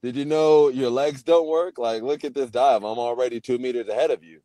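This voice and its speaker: A man putting on a brash young British male swimmer, with a deliberately poor British accent and a loud, pushy manner. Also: medium pitch, dry recording, pitched above the performer's own voice, lightly acted. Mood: teasing. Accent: British, done badly.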